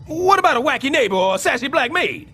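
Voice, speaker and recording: An actor playing a loud, wisecracking, scheming middle-aged building super in an animated sitcom. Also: male voice, fast talker, a little hiss or hum, exaggerated voice. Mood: blustering. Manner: loud, wisecracking, swings wildly in pitch.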